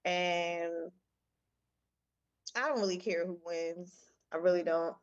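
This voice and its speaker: Easygoing low-voiced woman radio co-host. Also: fairly even intonation, slow, lo-fi sound. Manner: easygoing, chatty, sports fan talk. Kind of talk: casual chat.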